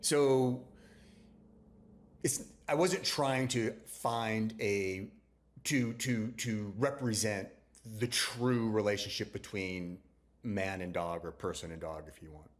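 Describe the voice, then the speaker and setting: Low-ish and slow-paced, this male novelist tells his book's story conversationally in an interview. He's chatty and anecdotal, often restarting sentences and voicing what other people said as quoted lines.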